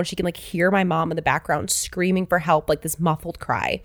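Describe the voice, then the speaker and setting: A woman's voice: fairly low pitch, moderate pace, dry recording, clean studio sound. A woman podcast co-host with a cold, sniffling as she tells a story in casual chat. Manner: animated storytelling, quotes family members.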